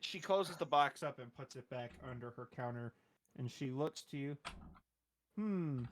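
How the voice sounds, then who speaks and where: A man's voice: mid-range voice, moderate pace, a bit bright, a little hiss or hum. A man as game master, describing the scene in a tabletop role-playing game. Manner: descriptive, scene-setting narration.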